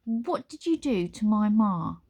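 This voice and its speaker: A woman's voice: mid-range voice, moderate pace, dark tone, close to an everyday voice. Woman reader as a fierce young heroine, terse and growling. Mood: tense. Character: fierce, wary young girl. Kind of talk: storybook reading.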